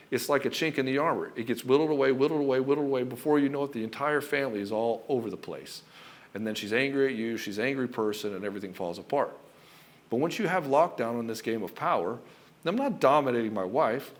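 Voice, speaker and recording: A middle-aged man giving relationship advice as a coach, talking forcefully and emphatically and swearing freely. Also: medium pitch. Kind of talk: direct-to-camera advice monologue.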